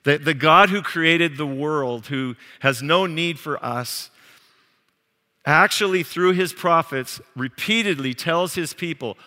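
A man preaching a sermon as pastor, animated and acting out quoted voices. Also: on the high side, takes it slowly. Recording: long hall reverb.

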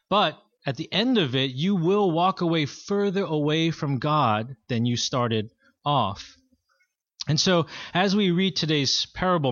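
A pastor delivers a sermon in a measured, earnest way, his voice sitting fairly high for a man. The sound is dry with no room echo, and a little dull, like a modest lo-fi recording. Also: fairly bright tone.

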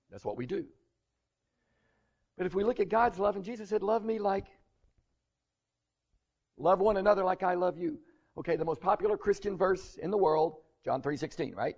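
Casting: male pastor, fairly high voice, earnest conversational sermon, slightly muffled recording. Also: a little fast, darkish tone, husky. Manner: earnest, conversational preaching with rising emphasis.

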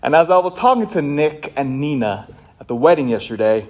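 A male priest giving a passionate homily, swinging between loud, fired-up shouting and hushed, quiet stretches. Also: a little high, animated, fairly quick. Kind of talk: sermon.

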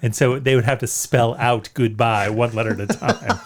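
A man's voice: medium pitch, steady tone, moderate pace, noisy background. A man co-hosting a podcast, chatting casually with a hesitant, dry sense of humor. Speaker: podcast co-host. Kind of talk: casual chat.

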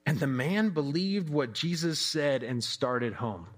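Reflective high-voiced man preaching. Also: lively intonation, unhurried. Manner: reflective, conversational, with frequent "like" and rhetorical questions. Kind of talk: devotional sermon.

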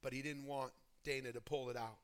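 A pastor preaching a sermon into communion, emphatic and full of rhetorical questions and repeated phrases. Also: male voice, medium pitch, steady tone, fairly quick, smooth.

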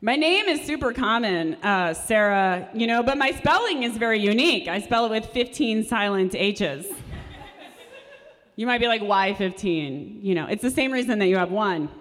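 Sardonic young woman, lively pitch, reverberant room. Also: moderate pace. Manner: dry, sardonic delivery. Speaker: stand-up comedian. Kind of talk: stand-up comedy set. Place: performance space at a live show.

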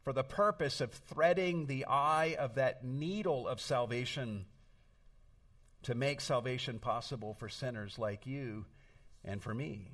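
Middle-aged male pastor, earnest storytelling sermon, medium pitch, recorded from a distance. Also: unhurried, fairly bright tone.

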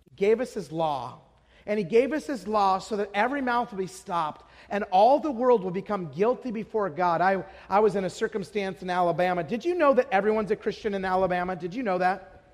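A man with a very high voice preaching in a hall that rings with long reverb. He is from Idaho, tells stories and fires rhetorical questions at the audience, then rises to emphatic declarations. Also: fairly quick. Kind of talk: sermon.

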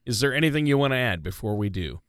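A man's voice: mid-range voice, expressive, quick pace, fairly bright tone, smooth, dry recording, studio quality. A man co-hosting a money radio show, easygoing and jokey, with filler words. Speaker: radio co-host. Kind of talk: casual radio talk.

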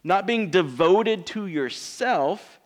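Animated, higher-voiced male pastor. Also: slow pace. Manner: conversational, joking, asks the congregation rhetorical questions. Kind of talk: sermon. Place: church.

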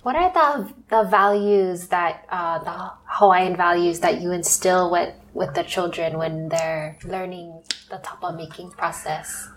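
A woman host asks her guest a question about teaching. Her voice is fairly low. A faint hiss sits under her voice. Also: steady tone, a little slow, hardly any pauses. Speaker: host, interviewer. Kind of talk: interview questions.

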